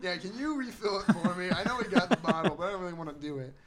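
A man's voice: sits high, animated, very fast, a loud crowd. A man telling a rambling anecdote as a podcast guest, laughing often.

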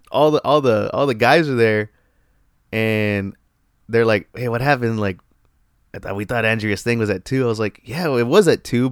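A man telling a story in casual chat, animated and profane, laughing often. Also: medium pitch, clean tone, no echo, clean studio sound.

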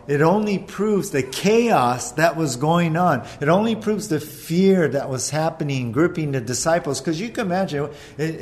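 A man preaching a sermon, telling the story with energy and acting out the disciples' frantic shouts. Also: a little high. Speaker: pastor.

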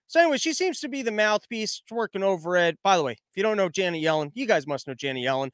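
High-pitched guy ranting sarcastic about politics, dry sound. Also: lively intonation, a bit bright, dry recording. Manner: sarcastic, mocking, fast-talking. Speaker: political commentator. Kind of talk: casual political commentary.

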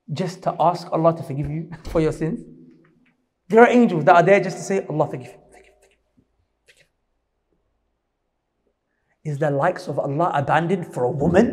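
A man preaching a sermon, emphatic and quick, often questioning his listeners. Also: fairly high pitch, darkish tone, big-room sound. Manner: rapid, emphatic, questions the audience.

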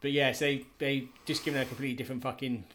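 A man's voice: mid-range voice, level tone, very fast, a bit bright. A man, joking and swearing in a casual chat about films as a podcast co-host.

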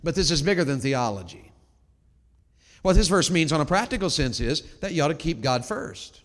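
Male pastor, preaching with dynamic shifts, somewhat high voice, long reverb of a church hall. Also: very animated, normal speed. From Tennessee. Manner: dynamic preaching, shifting from loud exhortation to quiet storytelling. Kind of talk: sermon.

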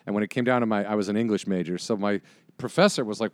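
A man's voice: on the low side, rapid-fire, no echo. A man in his forties on a podcast, telling stories with energy and acting out quoted lines. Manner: animated storyteller, acts out quotes. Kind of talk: casual chat.

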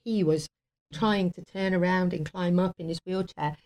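A woman's voice: lowish voice, fairly even intonation, moderate pace. A woman guest on a talk show, telling a heartfelt story casually, with fillers and laughter. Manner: warm and emotional, laughs often, many fillers.

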